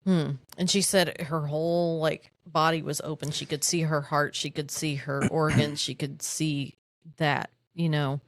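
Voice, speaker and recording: A woman with a low voice retells a story in casual podcast chat, halting and restarting as she goes. Her voice is recorded dry and close, with no room sound around it. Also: little pitch movement, no echo. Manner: halting, restarts often, recounting a witness story. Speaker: podcast co-host.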